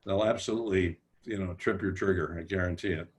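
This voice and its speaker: A man's voice: low voice, fairly even intonation, fast talker. An older man on a book festival panel, telling rambling, self-deprecating stories about his career, with restarts and quoted remarks. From United States. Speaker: panelist, humor writer. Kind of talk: relaxed anecdotal storytelling.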